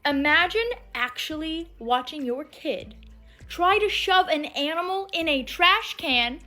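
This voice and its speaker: A woman's voice: high voice, lively intonation, unhurried, bright, forceful tone. A woman giving an indignant, scolding opinion rant to the camera.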